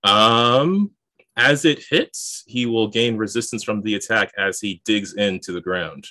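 A man serving as game master narrates the action of a tabletop game and walks through the rules, thinking aloud and chuckling often. His fairly low voice is unhurried, with a bright, forceful tone, and the recording is dry.

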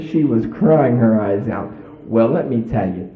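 A man preacher telling a personal story in a folksy, animated sermon. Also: fairly low pitch, unhurried, few pauses. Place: church. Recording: roomy, tinny phone-like old tape.

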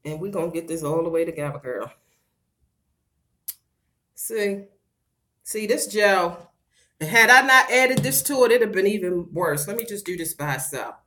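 A middle-aged woman chatting on a casual livestream, loud and playful, breaking into laughter and talking straight to her viewers while she does her hair at home. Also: on the low side, normal speed, long pauses, a little hiss or hum. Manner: slangy and animated, talks straight to viewers. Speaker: vlogger doing a livestream.

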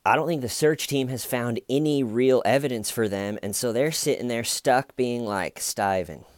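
A man's voice: medium pitch, normal speed, no room sound, studio quality. A man casually commenting on a true crime case in a chatty, sarcastic, rambling way.

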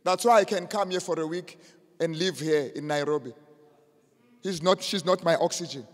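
Guy preaching in a big church hall, soft one sec then shouting, lots of reverb. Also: a little high, moderate pace. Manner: swings from soft asides to shouted emphasis. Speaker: pastor. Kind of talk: sermon.

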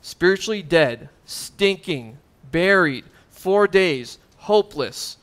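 A pastor preaching with a voice pitched a little above most men's. He builds to loud, emphatic peaks, then drops into casual, conversational asides. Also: expressive, takes it slowly. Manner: conversational asides with fillers and chuckles. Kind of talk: sermon.

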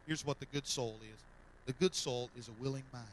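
A male pastor preaching a sermon in a church, swinging from loud fervent calls to soft repeated lines. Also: medium pitch, a little fast, a little hiss or hum, poor audio. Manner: fervent, repetitive preaching that swells loud then drops soft. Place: church sanctuary.

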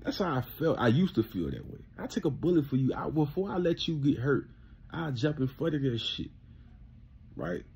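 A man's voice: fairly high pitch, animated, normal speed, darkish tone, slightly rough. A man ranting casually to camera, blunt and profane, often repeating himself and laughing. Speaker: vlogger.

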